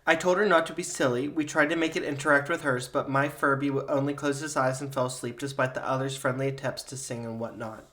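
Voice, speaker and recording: A man's voice: medium pitch, fast, few pauses. Man reading a spooky story aloud. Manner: steady storytelling narration. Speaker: podcast host.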